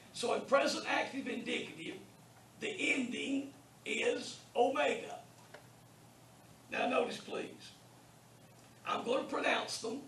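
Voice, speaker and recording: A man lecturing to a small class, his voice high, gravelly and lively in pitch. He talks slowly and carefully, sounding out each word for the students. The recording is echoey and distant, with a faint hiss underneath. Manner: slow, deliberate, pronounces words for students to repeat. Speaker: Bible college Greek teacher. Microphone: distant room mic.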